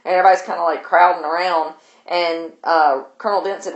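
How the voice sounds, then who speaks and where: A woman's voice: on the low side, fairly even intonation, quick pace, reverberant, lo-fi sound. A woman teacher, casually retelling a novel for her class in a loose, chatty way. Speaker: literature teacher.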